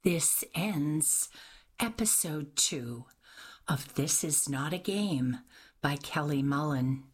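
A woman narrating a novel in a measured, even manner. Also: sits low, slightly rough. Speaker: audiobook narrator. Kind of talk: scripted narration.

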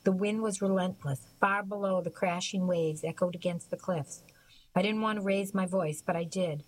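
A woman narrating an audiobook in a measured, even storytelling manner. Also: fairly low pitch, rough recording. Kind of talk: scripted narration.

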